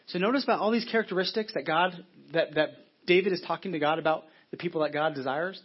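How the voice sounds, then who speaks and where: Husky-voiced man preaching a sermon. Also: fairly high pitch, fast, hardly any pauses, highs cut off. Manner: earnest, conversational preaching with frequent restarts. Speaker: pastor.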